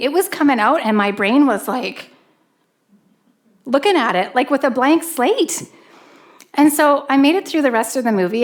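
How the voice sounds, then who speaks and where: A middle-aged woman from Canada delivers a sermon from the church stage, holding a handheld microphone. Her voice sits a little higher than most, and she tells a personal story with animated expression, acting out gasps and cries as she goes. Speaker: pastor.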